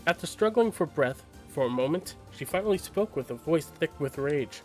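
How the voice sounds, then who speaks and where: A man's voice: fairly high pitch, expressive, moderate pace, faint music behind. A man reading a novel aloud on a live stream, casual and prone to little asides. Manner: casual, stops for asides and laughs at slips.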